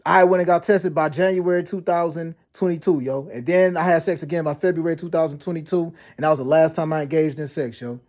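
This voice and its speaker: A man ranting to camera about being lied about, talking fast with heavy slang, profanity and many restarts. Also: high-pitched, darkish tone. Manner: fast, repetitive storytelling with frequent restarts and "you know what I'm saying". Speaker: vlogger. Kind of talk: rambling personal rant to camera.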